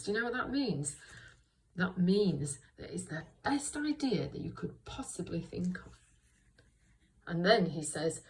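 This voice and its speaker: Gentle teacher reading to children. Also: female voice, fairly low pitch, expressive, rough recording. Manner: slow, clear and encouraging, with many questions to the listener. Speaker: primary school teacher. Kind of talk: reading lesson for young children.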